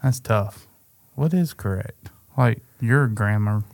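A man's voice: lowish voice, slow, creaky, a little mellow, no room sound, studio quality. A man co-hosting a casual chat show, rambling and playful as he muses aloud. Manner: rambling and playful, often laughing. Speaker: co-host.

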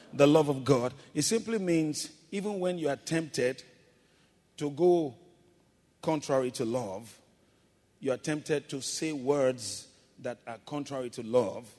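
A male pastor delivering a sermon with call-and-response, shifting between loud exhortation and quiet, drawn-out emphasis. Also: medium pitch. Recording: long hall reverb.

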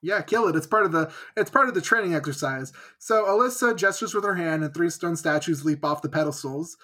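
A man's voice: fairly high pitch, a little fast, bright, forceful tone. A man co-hosting a podcast, recapping a book in casual chat and jokingly acting out the characters' lines. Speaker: podcast co-host.

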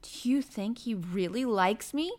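A woman's voice: high voice, expressive, moderate pace. A woman voicing a shy but eager little girl who asks earnest questions.

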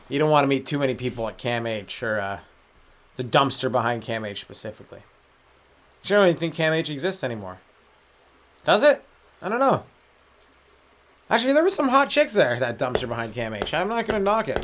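A young man riffs on his own comedy podcast, rambling from one crude joke to the next and laughing at himself. His voice sits slightly higher than most men's. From Canada. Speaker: stand-up comedian podcast host. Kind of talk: solo comedic rant.

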